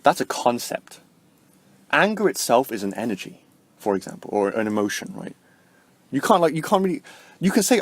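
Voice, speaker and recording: A man vlogging about spirituality in a casual, rambling way, tagging "right?" onto his points and jumping up in pitch for emphasis. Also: animated, fairly quick, no room sound. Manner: rambling, heavy use of fillers like "like" and "right?"; swings sharply up in pitch and loudness to stress points. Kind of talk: casual spoken explanation to camera.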